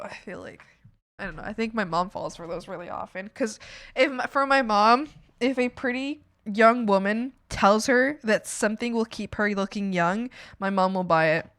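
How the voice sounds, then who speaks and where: A woman's voice: mid-range voice, moderate pace, fairly bright tone, no echo. A young woman from Canada chatting casually on a stream, rambling and swearing with many fillers. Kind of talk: casual chat.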